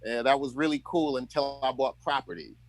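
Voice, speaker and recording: A man's voice: medium pitch, fairly even intonation, a little fast, no room sound, poor audio. A male co-host who reacts a lot with exclamations in casual chat.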